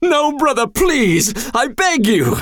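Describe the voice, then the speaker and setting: A male audiobook reader voicing a desperate, pleading demonic male entity, with high, strained, wailing cries. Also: big pitch swings, slow pace, a bit bright, no echo, clean studio sound, heavily acted. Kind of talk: audiobook character voice.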